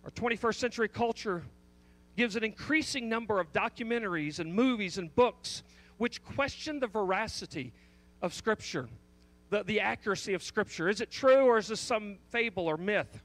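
A man's voice: high-pitched, moderate pace, a bit bright. A man preaching a sermon, pressing a repeated question with emphatic stress and frequent restarts. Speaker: pastor.

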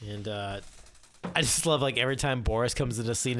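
Mid-pitched man, excitable and filler-heavy. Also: normal speed, slight background noise. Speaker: podcast co-host. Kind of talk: casual chat.

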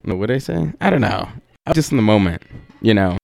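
A man's voice: lowish voice, expressive, fast talker, gravelly, darkish tone, no echo. A young man hosting a podcast, telling a rambling story in a laid-back, profane way with lots of fillers. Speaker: podcast host.

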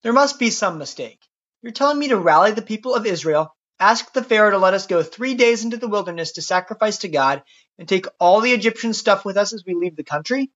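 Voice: medium pitch, animated, a bit bright, natural voice. A podcast narrator voicing an anxious, doubtful old male prophet who protests and panics, on a dull lo-fi recording. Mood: protesting. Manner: fretful, protesting, quick to panic. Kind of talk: storytelling podcast.

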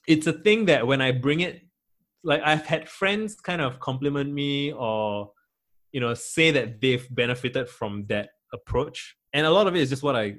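A man's voice: medium pitch, fairly bright tone. A young man speaks as an interview guest in easy, conversational talk. He rambles, often circling back with fillers and restarting his sentences.

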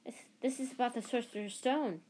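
A woman's voice: fairly high pitch, a little fast, darkish tone, a little hiss or hum, pitched above the performer's own voice, natural voice. A woman voicing an anxious young schoolboy wizard who talks in an urgent, frantic way in a storybook reading.

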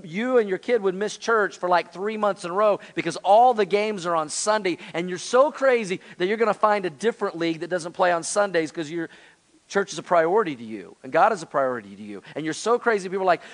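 A man in his forties, a pastor, preaching a sermon in an earnest, conversational way to his congregation. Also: high voice. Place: church sanctuary.

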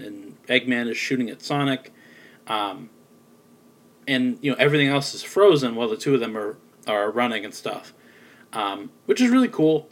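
Rambling man reviewing a film. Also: mid-range voice. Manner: rambling, many ums and likes. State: sleepy, yawning. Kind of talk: casual spoken review.

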